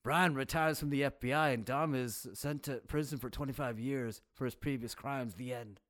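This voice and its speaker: A man co-hosting a movie review podcast, chatting casually and laughing often between quick asides. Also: medium pitch, fairly even intonation, fairly bright tone. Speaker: podcast co-host.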